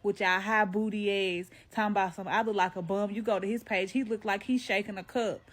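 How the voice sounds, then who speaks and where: A woman's voice: medium pitch, fairly even intonation, brisk, a bit bright. Sassy woman ranting hotly. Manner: sassy, heated, mocking. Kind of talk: casual rant to camera.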